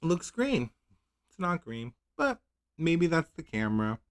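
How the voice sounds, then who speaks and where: Chatting casually on a livestream, a nail polish channel host with a drawl and a slightly high voice is animated and a little slow. He rambles, questions himself and laughs at his own expense, delivering product blurbs in mock-dramatic fashion.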